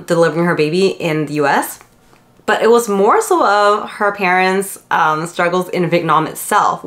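A woman's voice: on the low side, a bit bright. A young woman with a lisp from her retainers, chatting casually in a book vlog with lots of fillers. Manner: lisping from retainers; chatty, rambling with many fillers. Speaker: book vlogger. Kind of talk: casual chat.

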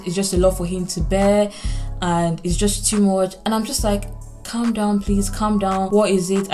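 An earnest young woman tells a personal story straight to the camera. Her voice climbs high and urgent when she quotes what she said, and soft music plays faintly behind her. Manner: earnest, urgent retelling, rising pitch when quoting herself. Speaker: vlogger. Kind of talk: storytime vlog.

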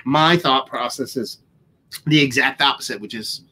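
Man, young adult, livestream co-host, casual, profane, rambling, mid pitch. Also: normal speed, bright, forceful tone, breathy edge. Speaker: co-host of a beer tasting livestream.

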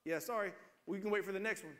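A man's voice: high-pitched, fast, fairly bright tone, long reverb tail. A man preaching a sermon as a pastor, telling a story and building to emphatic calls about prayer. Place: church sanctuary.

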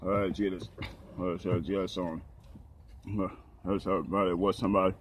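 Man, very low voice, flat monotone, hesitant, many fillers and restarts. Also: normal speed, slight background noise. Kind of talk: halting talk about the Bible.

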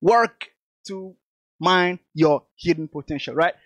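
A man's voice: on the high side, slow pace, fairly bright tone, no room sound. Emphatic motivational speaker, a man. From Togo. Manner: emphatic, repetitive, addresses audience as lovely people. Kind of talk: motivational speech.

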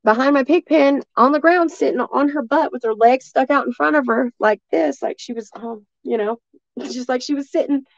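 A woman from East Tennessee with a Southern accent, telling a story as a guest in a rambling, excitable way full of restarts. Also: high voice, moderate pace, gravelly, no room sound, lo-fi sound. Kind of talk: casual storytelling.

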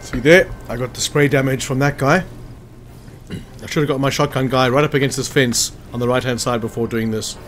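This male gameplay commentator has a medium-pitched, fairly bright voice with a steady tone, talking a little fast over soft background music. Casual and chatty, he walks through a strategy game and thinks aloud while checking hit chances, hiccuping after lunch.

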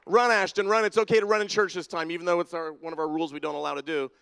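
A man's voice: on the high side, fairly even intonation, very fast, gravelly, fairly bright tone, smooth. A man leading a playful congregation activity in a church sanctuary, teasing people and calling them down by name. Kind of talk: leading a playful audience-participation segment. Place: large church sanctuary with balcony and spotlights. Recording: long reverb of a big hall.

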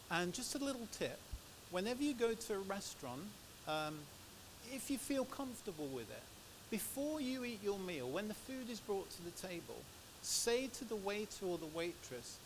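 Give me an English preacher at a church microphone, sharing stories in a relaxed, anecdotal way. His voice sits a little high for a man. A steady hiss runs under the recording. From England. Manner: chatty, anecdotal storytelling. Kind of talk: sermon with personal stories.

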